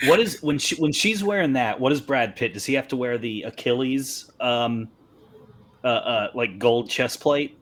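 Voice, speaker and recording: A man's voice: medium pitch, moderate pace, a bit bright. A man co-hosting a casual movie podcast, laid-back and wry. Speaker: podcast co-host.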